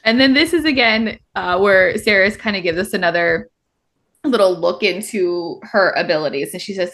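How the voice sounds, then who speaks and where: A woman's voice: mid-range voice, moderate pace, a bit bright. A young woman co-hosting a book podcast, chatting casually and animatedly, acting out characters' lines as she recaps. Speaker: podcast co-host.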